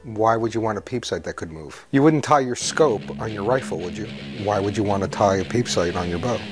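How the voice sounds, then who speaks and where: A man's voice: fairly low pitch, expressive, a little fast, over music. A man explaining and promoting his product in an interview, earnest and persuasive, with rhetorical questions. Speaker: company founder.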